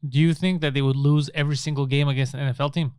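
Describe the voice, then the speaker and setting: A man's voice: on the high side, steady tone, rapid-fire, darkish tone, smooth, no room sound, studio quality. A young man co-hosting a casual comedy podcast, profane and mocking, acting out quotes. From Canada. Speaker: podcast co-host.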